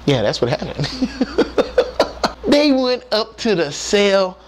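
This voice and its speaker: A former Navy submarine technician tells his sea stories in a loose, salty, colloquial way. His pitch leaps up and down as he gets into each scene, and he stops to talk straight to the viewer. He is a man spinning yarns off the cuff, not reading a script. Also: slow. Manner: animated, profane, colloquial, addresses viewers directly. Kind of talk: casual storytelling.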